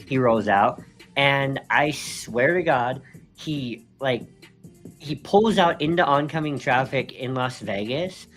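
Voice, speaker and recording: A man's voice: medium pitch, takes it slowly, a bit bright, faint music behind. A man co-hosting a live stream, telling a story casually and animatedly, laughing between phrases and leaning on fillers. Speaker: co-host.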